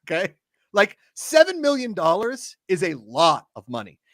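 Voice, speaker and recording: Bright lively guy ranting about his team, dry close mic. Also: high-pitched, normal speed, dry recording. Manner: animated ranting, swearing. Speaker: podcast co-host. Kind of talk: casual sports chat.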